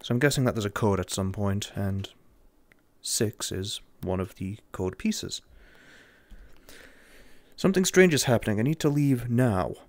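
A young English man commenting jokingly and sarcastically while playing a horror game, getting excited easily. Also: lowish voice, unhurried, long pauses, no room sound. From England. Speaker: gamer.

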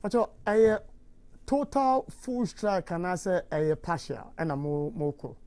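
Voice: mid-range voice, takes it slowly, darkish tone. A Ghanaian radio host asking short prompting questions in a studio interview.

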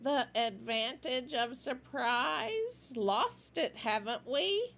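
Lady reading a smirky sly gang guy in a storybook, needling and pitched way up. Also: lively intonation, takes it slowly, a bit bright, full character voice.

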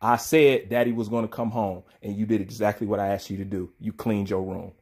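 A man's voice: on the low side, steady tone, brisk, a little mellow, breathy edge. A man delivering a taunting, profane call-out rant to the camera as a YouTuber.

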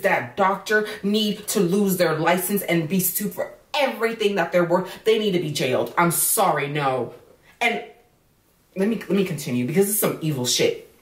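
A woman's voice: fairly low pitch, recorded from a distance. Woman, vlogger, indignant, outspoken, roomy echo, off-mic. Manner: outspoken and indignant, swears freely. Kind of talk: casual commentary on a news story.

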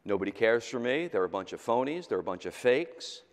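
A middle-aged male pastor preaching a sermon, swinging between loud exhortation and quiet, intimate asides. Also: medium pitch, very animated, fairly quick. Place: church sanctuary. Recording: long hall reverb in a church sanctuary.

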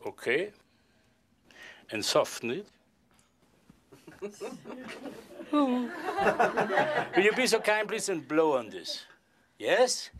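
Playful stage magician with lively pitch. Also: male voice, slight background noise. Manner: playful, polite and formal, joking with the volunteer. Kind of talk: stage magic performance with audience volunteer.

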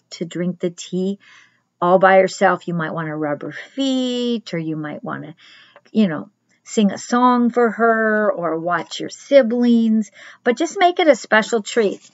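A middle-aged woman, a children's pastor, giving a chatty crafts lesson and speaking straight to the children in a gentle way. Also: mid-range voice, expressive, moderate pace, no room sound, highs cut off.

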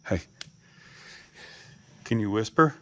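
A man talking to his pets outdoors in a coaxing, playful way, calling them in high sing-song baby talk and teasing them with mild swearing. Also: expressive, slow. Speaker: pet owner filming animals. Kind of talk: casual talk to animals.

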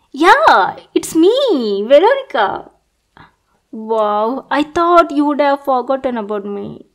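A woman's voice: on the high side, vocal fry. A young woman performing a whispered role-play as an obsessive, adoring intruder, sweet and clingy, calling the listener darling. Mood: excited. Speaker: ASMR performer.

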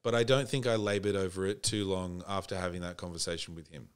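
Australian man, very deep voice, laid-back storytelling, casual swearing. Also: fairly even intonation, quick pace, clean tone. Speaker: podcast guest.

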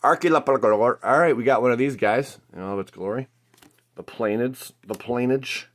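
A man hosting a casual card-opening video, chatty and excitable, exclaiming over each pull with lots of fillers. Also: medium pitch, moderate pace. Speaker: card-opening channel host. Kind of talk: casual pack-opening commentary.

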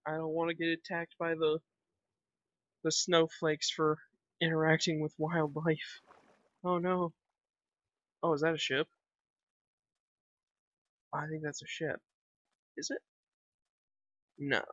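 Young guy talking to himself over gameplay, bright voice, dull lo-fi mic, dry sound. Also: on the high side, flat delivery, slow pace, long pauses, no echo. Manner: rambling, chatty, thinks aloud with fillers. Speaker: gaming vlogger. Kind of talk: casual gameplay commentary.

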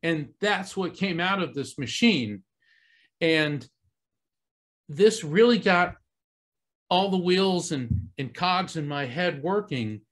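Before a live audience, a middle-aged psychic medium from Central Florida tells a personal story, earnest and conversational with lots of fillers and restarts. His voice is fairly high-pitched and bright, animated yet slow, and he pauses often.

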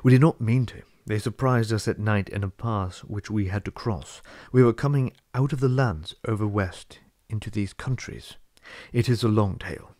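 A man voicing a calm, courteous old male wizard in a storybook reading, speaking in a measured, polite way. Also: on the low side, no echo, studio quality, natural voice.

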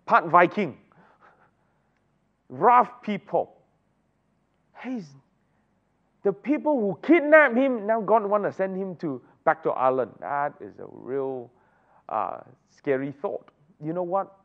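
A man's voice: high voice, sing-song, slow pace, long pauses. A man teaching a Bible study, often asking the group rhetorical questions. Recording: dull lo-fi recording.

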